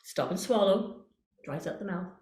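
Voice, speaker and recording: A woman's voice: lowish voice, lively intonation, moderate pace, a little mellow, roomy sound. A woman voice coach leading a workshop, guiding breathing exercises with playful images and encouragement. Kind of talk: online voice workshop.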